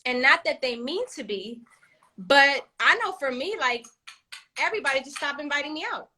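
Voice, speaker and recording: A young adult woman co-hosting a parenting podcast, venting in lively, laughing, profane casual chat. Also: high voice, moderate pace. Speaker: podcast co-host.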